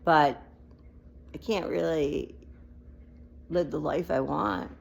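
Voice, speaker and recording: Her low-pitched voice stays steady and slow, with vocal fry, as this mother talks off the cuff in an unedited vlog. The monologue is rambling and emotional, and she sounds on the verge of tears.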